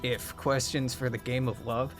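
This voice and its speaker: A man's voice: mid-range voice, level tone, moderate pace. A young man hosting a gaming video, chatting casually in a sardonic, profane, rambling way over background music. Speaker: gaming channel host.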